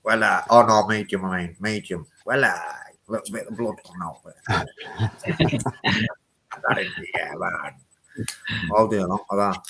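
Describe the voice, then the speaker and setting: Scouse guy, lower register, loud and constantly swearing, casual stream guest. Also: measured pace, creaky, long pauses, slight background noise, rough recording. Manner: swears constantly, banters loudly. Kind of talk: casual chat.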